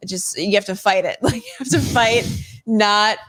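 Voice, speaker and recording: A woman co-hosting a podcast, chatting casually and quick to react. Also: medium pitch, a bit bright. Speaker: podcast co-host. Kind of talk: casual chat.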